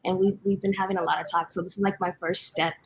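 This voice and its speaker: A woman's voice: fairly low pitch, little pitch movement, quick pace, slightly rough, poor audio. A woman in her twenties introducing herself on a video call, shy and a little unsure. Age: 20s. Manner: shy, unsure, soft-spoken.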